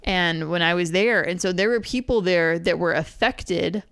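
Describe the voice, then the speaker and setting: A woman's voice: fairly low pitch, normal speed, fairly bright tone, clean tone, dry recording. A woman in her thirties co-hosting a podcast, chatting casually and rambling with many restarts. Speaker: podcast co-host. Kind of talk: casual chat.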